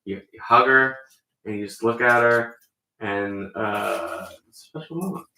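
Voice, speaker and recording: A man chatting casually in a small talk contest, rambling and halting with many fillers. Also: fairly low pitch, sharp tone, roomy sound, poor audio. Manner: rambling, halting, with bad put-on British accent. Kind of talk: casual banter.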